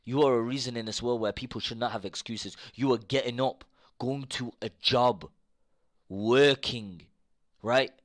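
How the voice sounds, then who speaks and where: A young man on a live stream rants casually to his chat, swearing freely and going over the same points again. He keeps a measured pace while veering between quiet mutters and loud outbursts.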